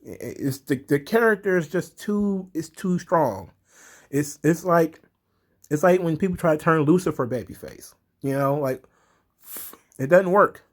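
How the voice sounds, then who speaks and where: A man giving a casual recap of a wrestling show, excitable, chuckling, swearing freely. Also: a little high, unhurried.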